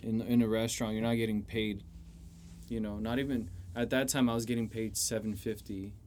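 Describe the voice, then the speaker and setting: A man's voice: on the low side, level tone, a little fast, a little mellow, slight background noise. Laid-back young man, casual swearing. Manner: laid-back, swears freely, lots of "you know". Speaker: chef guest. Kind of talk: casual podcast chat.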